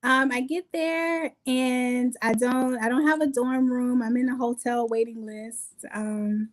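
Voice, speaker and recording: Animated woman telling her story. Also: fairly high pitch, a little slow. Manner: animated, acts out quotes with laughs. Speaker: guest. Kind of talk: conversational storytelling.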